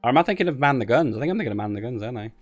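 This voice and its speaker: Over faint music, a man casts a strategy game tournament as a streamer, chatting casually, thinking out loud, and slipping into rambling digressions. He speaks rapid-fire at a medium pitch with lively intonation.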